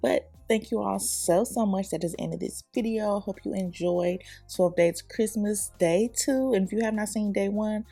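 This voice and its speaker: A woman's voice: mid-range voice, moderate pace, creaky, no echo. A young woman, chatting through a hair tutorial voice-over, laughing often and talking straight to the viewer. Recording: soft background music.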